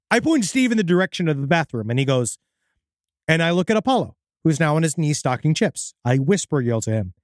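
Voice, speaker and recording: A man's voice: a little high, very animated, fast talker, no room sound. A man co-hosting a podcast, casually reading out a listener's creepy story and swearing now and then. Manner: casual, profane, dips into voices for quoted people.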